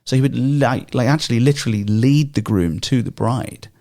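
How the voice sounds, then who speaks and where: A man in a Bible study podcast chat, explaining at length with animated energy and many ums and restarts. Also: mid-range voice, normal speed. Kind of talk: casual discussion podcast.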